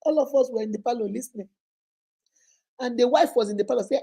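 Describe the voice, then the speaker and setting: A woman hosting a live stream, telling a story in an animated, dramatic way. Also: a little high, quick pace, breathy edge. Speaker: host.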